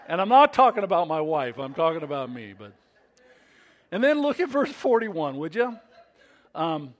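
A male pastor preaching a sermon in an expressive way, acting out scripture scenes. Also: a little high.

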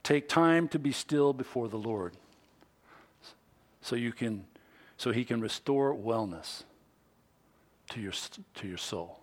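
Pastor preaching with shifting intensity. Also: male voice, medium pitch, slow, pauses often. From United States. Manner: swings from soft and hushed to loud and excited. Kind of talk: sermon.

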